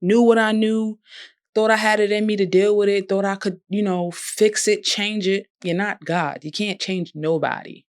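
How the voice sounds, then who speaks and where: A woman's voice: mid-range voice, fairly even intonation, moderate pace, no room sound, clean studio sound. A young woman vlogger, talking in a heartfelt, conversational way about healing and forgiveness. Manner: heartfelt, conversational, drops into bursts of laughter. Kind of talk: emotional personal reflection.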